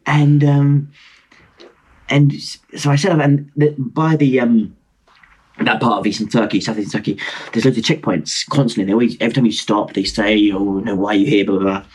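A man's voice: medium pitch, normal speed, a little mellow, husky. A man in his twenties, from Britain, telling a rambling, self-mocking story over a video call. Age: 20s. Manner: rambling, self-mocking, lots of fillers and restarts. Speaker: guest.

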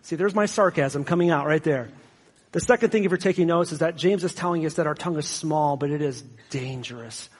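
A man's voice: on the high side, fairly quick, slightly rough. A man preaching a sermon as pastor, conversational and self-deprecating, with sarcastic asides. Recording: long hall reverb.

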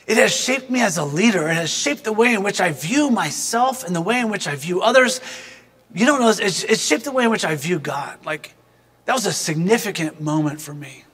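A man with a high-pitched voice tells a personal story as a devotional reflection. He is earnest and thoughtful and keeps turning to address the listener. His voice carries a long reverb tail. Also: expressive, a little fast, fairly bright tone, slightly rough. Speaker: speaker giving a devotional reflection.

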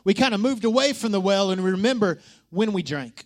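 Brief: male pastor, high voice, animated sermon delivery, hushed-to-loud swings, rhetorical questions. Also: a little fast.

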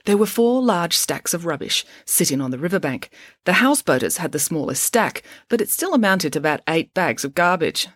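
A woman reading a children's chapter book aloud in an expressive storytelling voice, close to the microphone. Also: lowish voice, a little fast, dry recording. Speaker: audiobook reader.

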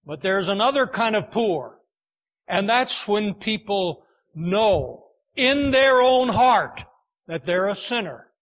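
A high-voiced male preacher telling a story from the pulpit. He is earnest and emphatic, and he leans on key words as he drives his point home. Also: animated, takes it slowly, fairly bright tone, low-quality recording. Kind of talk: evangelistic sermon storytelling.

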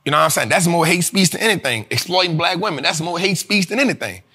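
Speaking fast with a breathy edge in a fairly high voice, this male show host talks casually about money and investing. He's animated and profane, laughs a lot, and keeps addressing his audience as "y'all."

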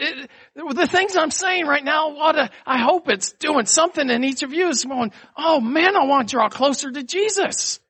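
A middle-aged man pastor delivering a sermon in an animated, conversational way, with asides to the congregation. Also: very high voice, vocal fry.

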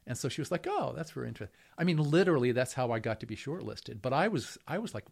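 A man's voice: medium pitch, animated, fast talker, vocal fry, slightly rough. Middle-aged man telling wry rambling anecdotes. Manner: wry, rambling anecdotes with many fillers and restarts. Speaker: professor being interviewed. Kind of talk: storytelling conversation.

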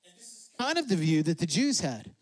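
High-voiced animated preacher, dry sound. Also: male voice, no room sound. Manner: animated preaching, acting out God and Moses in quick asides; drops to a soft, low voice for emphasis. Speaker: pastor. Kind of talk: sermon.

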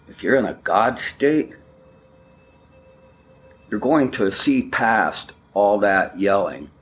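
A man giving a spiritual talk, speaking slowly and emphatically, with repeated affirmations. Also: fairly low pitch, fairly bright tone. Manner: slow, emphatic, repetitive affirmations.

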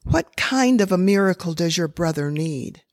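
A woman voicing a kind, gentle grown man who asks soft questions. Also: on the low side, expressive, moderate pace, no room sound, studio quality, lightly acted.

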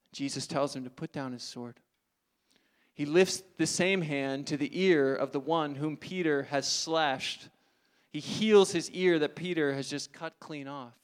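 A male pastor preaching a sermon, telling the story dramatically, swinging from loud emphasis to hushed asides. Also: fairly high pitch.

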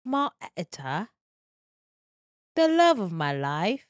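A woman hosting a podcast in casual chat, animated and joking with playful teasing. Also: fairly low pitch, takes it slowly, dry recording. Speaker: podcast host. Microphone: studio mic.

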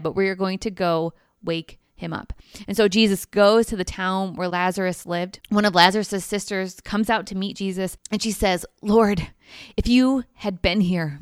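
A woman giving a devotional teaching in a gentle, earnest, conversational way. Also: medium pitch, no echo, clean studio sound.

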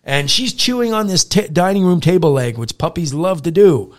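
Animated man telling training stories. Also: on the high side, moderate pace. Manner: animated storyteller who acts out growls and praise. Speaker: dog trainer and co-host. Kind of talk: casual podcast chat.

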